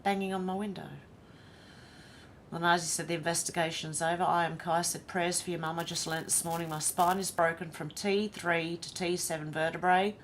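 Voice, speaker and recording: Aussie lady livestreaming, reads out chat comments, bit of a low voice, faint rumble behind. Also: fairly even intonation, moderate pace. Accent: Australian. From Australia. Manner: chatty, greets viewers one by one. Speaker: livestream host. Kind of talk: casual livestream chat, reading comments aloud.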